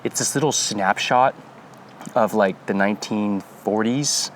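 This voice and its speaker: A man co-hosting a podcast in casual, animated, joking chat. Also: lowish voice, measured pace, slight background noise. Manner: animated, joking, lots of fillers. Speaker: podcast co-host.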